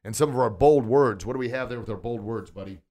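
An enthusiastic man hosts a coaching podcast from a recording studio. His voice sits at an ordinary middle pitch. He keeps firing questions at his listener and heaps praise on every answer. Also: fast, a little mellow. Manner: upbeat, encouraging, quizzing and praising. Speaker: podcast host and martial arts instructor. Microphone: studio microphone.

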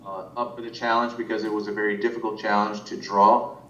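A man's voice: flat delivery, fairly quick, a bit bright, far from the mic. A man working as an animation director, talking casually in an interview, rambling with many restarts and fillers. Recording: roomy, muffled sound from off-mic with faint rumble.

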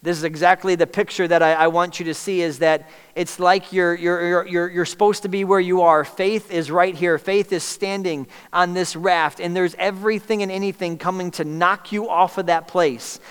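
A man's voice: high voice, steady tone, moderate pace, few pauses, smooth. A man preaching a sermon as pastor, asking the congregation to call out missing words. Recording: long reverb in a large hall.

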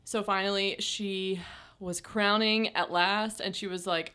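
A young woman telling a story in a relaxed chat, full of fillers and frequent laughs. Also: medium pitch, unhurried, smooth. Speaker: podcast co-host.

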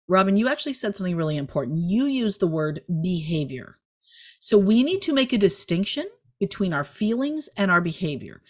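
A woman in her forties giving candid parenting advice in casual conversation, talking in quick bursts and often checking in with "right?". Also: medium pitch. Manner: lively, candid, rapid bursts with frequent "right?". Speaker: podcast co-host, parenting guest.

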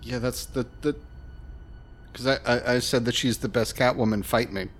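Dude playing a tabletop game, casual and halting, mid pitch, faint music behind. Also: male voice, fairly even intonation. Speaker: player.

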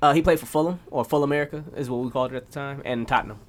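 A man co-hosting a casual sports chat, loose and excitable, swearing and laughing often. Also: mid-range voice, racing. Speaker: podcast co-host.

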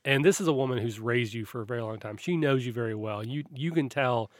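A man's voice: mid-range voice, fast, dry recording, studio quality. Rambling male game master. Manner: loose, rambling description with many restarts. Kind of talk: narrating a tabletop game.

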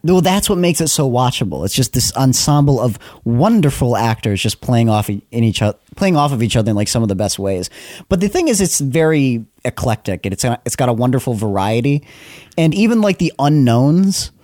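Man, podcast co-host, mid voice, animated, dry close mic, laughs a lot. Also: medium pitch, brisk, dry recording. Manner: laughing often, blunt, swearing. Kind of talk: casual film chat.

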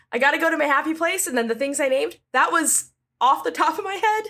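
A woman's voice: sits high, moderate pace, pushed and bright. A woman hosting a solo news podcast, sarcastic and exasperated, breaking into jokey asides as she rants about politics. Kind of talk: comedic solo news commentary.

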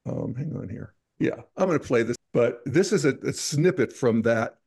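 A man's voice: mid-range voice, lively intonation, moderate pace, darkish tone, husky. A man hosting a casual film discussion, talking in a rambling, hesitant way with many restarts. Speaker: podcast host.

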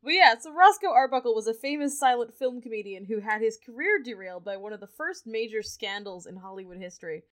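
A woman's voice: a little high, animated, quick pace, few pauses. A young woman hosting a podcast, chatting casually and retelling a history story, laughing often. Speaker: podcast host.

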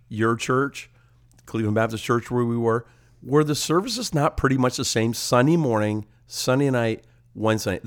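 An older man co-hosting a ministry podcast as an evangelist, talking casually, posing animated rhetorical questions with a slightly congested nose. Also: mid-range voice. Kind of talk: casual chat.

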